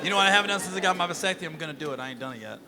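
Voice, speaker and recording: A middle-aged man performing a profane, swaggering stand-up comedy set, acting out shouted quotes, on stage with a handheld mic. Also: high voice, animated, rapid-fire, long reverb tail. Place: comedy stage before a live audience. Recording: live room with crowd laughter and noise.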